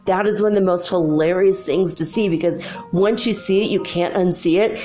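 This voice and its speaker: Middle-aged female host, low-pitched, giggly and animated in casual monologue, faint music bed. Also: moderate pace. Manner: giggly, animated storytelling, frequent "like". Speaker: spiritual channel host.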